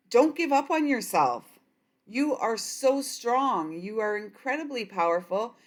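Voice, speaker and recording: Gentle woman giving a soothing card reading. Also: fairly low pitch. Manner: gentle, affirming, softly encouraging. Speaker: oracle card reader. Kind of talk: spiritual card reading to camera.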